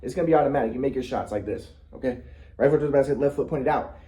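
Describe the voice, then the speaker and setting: A man's voice: mid-range voice, racing, mellow. A man in a rambling personal monologue who sounds aggrieved, often restarts his sentences, and swears. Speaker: vlogger.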